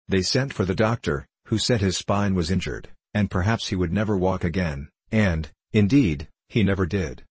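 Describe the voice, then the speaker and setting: A man reading an audiobook, voicing a patient mother who speaks in a measured, gently admonishing way. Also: sits low, slightly rough, no echo. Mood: grave.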